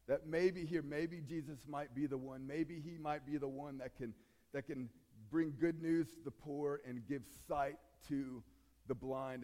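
Man preaching with hall reverb. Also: on the high side. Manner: conversational preaching, acts out voices. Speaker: pastor. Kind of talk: sermon.

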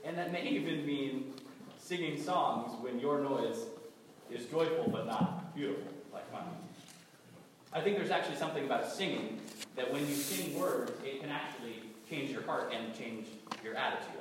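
Brief: New England-accented male preacher with a cold, chatty and wry, mid-pitched voice heard from far off in a reverberant hall with steady noise. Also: normal speed. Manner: conversational, gently humorous, stumbles and repeats words. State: has a cold. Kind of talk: sermon. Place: large church hall.

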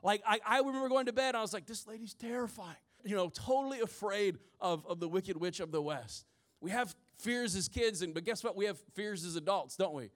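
In church, a rural Midwestern pastor in his forties preaches to his congregation at a brisk clip. His voice is high-pitched, and he tells stories broken up by humorous asides.

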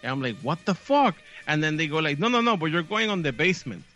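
Animated Puerto Rican comedian with a bright voice. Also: male voice, on the high side, racing, soft background music. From Puerto Rico. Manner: animated storyteller, acts out voices, swears freely. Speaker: comedian guest. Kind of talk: storytelling chat, then stand-up clip.

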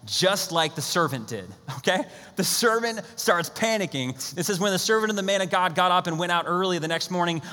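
A man preaching a sermon in a casual, energetic way, acting out the people of a Bible story in a lively voice. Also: high-pitched, long reverb tail. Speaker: pastor.

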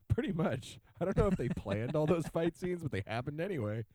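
A man co-hosting a podcast in casual chat, joking and swearing freely with an animated manner. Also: fairly high pitch, a little fast, no echo.

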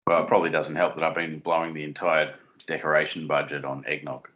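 A man's voice: very deep voice, little pitch movement, quick pace, a bit bright, muffled recording. A man co-hosting a podcast, chatting casually and rambling a little. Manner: rambling, giggly, self-deprecating. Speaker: podcast co-host. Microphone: desk mic on a stand.

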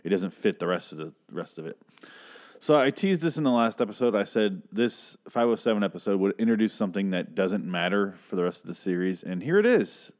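A man with a notably deep voice talks through a TV episode recap. He is blunt and profane, circling back and restarting his sentences as he goes. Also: lively intonation, fairly quick, a little mellow. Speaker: TV episode reviewer. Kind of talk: casual recap and review.

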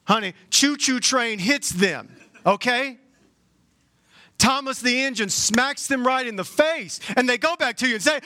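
A man preaching a sermon with a notably high voice. He talks like he is chatting with the congregation and keeps leaping up in pitch. The sound is dry and close. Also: normal speed, dry recording. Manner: animated, conversational preaching with sudden jumps in pitch. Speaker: pastor.

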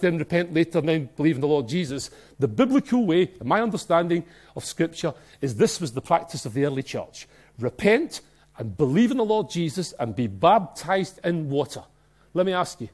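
A man with a Glasgow Scottish accent preaching a sermon in a church, emphatic and excitable, swinging between soft and loud. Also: a little high. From Scotland. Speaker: pastor.

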